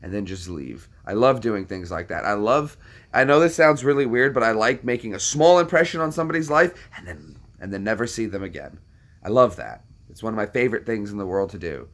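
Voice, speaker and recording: A man's voice: on the low side, animated, brisk. A man hosting a casual chat, talking to his viewers in a rambling way full of anecdotes and repetitions. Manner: rambling, anecdotal, repeats himself.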